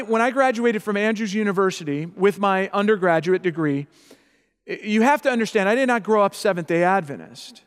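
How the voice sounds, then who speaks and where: Middle-aged pastor guy preaching, fairly high voice, keeps asking "okay?", lots of hall echo. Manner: repeats himself, asks the audience "okay?". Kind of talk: sermon. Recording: long hall reverb.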